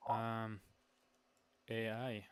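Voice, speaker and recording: Male streamer, casual reaction talk, slow and halting, clean smooth tone. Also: on the low side, completely flat delivery. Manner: slow and hesitant, lots of um and uh while searching.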